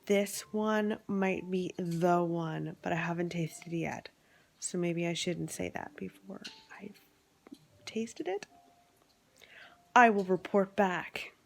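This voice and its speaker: Slow-talking chatty woman vlogger. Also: on the low side, vocal fry, slight background noise. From Canada. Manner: chatty, drifting between soft whispers and bright exclamations. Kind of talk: casual chat. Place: home at night.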